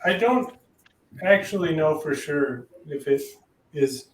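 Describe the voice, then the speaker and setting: A man hosting a casual livestream chat, talking haltingly with many fillers and laughing at himself. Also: a little high, expressive, reverberant, recorded from a distance, a little hiss or hum, low-quality recording. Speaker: host.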